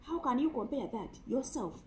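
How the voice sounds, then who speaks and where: A woman's voice: sits high, expressive, moderate pace, slight background noise, rough recording. A woman preacher giving an emphatic sermon full of rhetorical questions.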